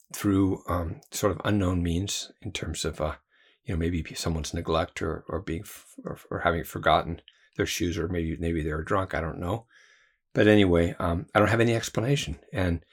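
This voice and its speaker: A deep, husky-voiced man, a Christian trainer and theologian, tells a personal story. He rambles, with plenty of fillers and restarts.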